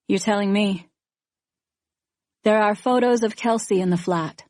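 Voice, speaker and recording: A woman narrating a first-person thriller audiobook in a measured, even storytelling manner. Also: mid-range voice, no echo, clean studio sound.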